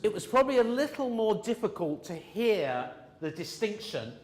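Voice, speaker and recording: In a classroom lesson on pronunciation, a man patiently breaks down sounds step by step and drills his students. He speaks at a moderate pace in a high voice with big pitch swings, and the space is reverberant.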